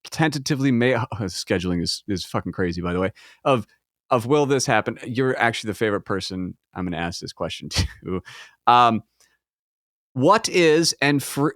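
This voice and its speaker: A man's voice: medium pitch, fairly bright tone, no room sound, clean studio sound. Playful Midwestern man hosting a podcast. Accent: Midwestern American. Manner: playful, jokey, acts out voices. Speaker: podcast host. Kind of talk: casual interview chat.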